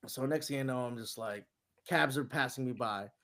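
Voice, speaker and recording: A man's voice: mid-range voice, normal speed, bright, forceful tone. A man from New York telling a long, rambling travel story in casual chat, swearing and laughing as he goes. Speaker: guest.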